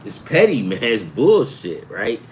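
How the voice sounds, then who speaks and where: A man's voice: on the low side, huge pitch swings, a little slow, darkish tone, slight background noise, low-quality recording. A middle-aged man hosting a sports betting talk, rambling and profane, jumping from topic to topic. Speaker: sports betting show host. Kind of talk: rambling casual chat.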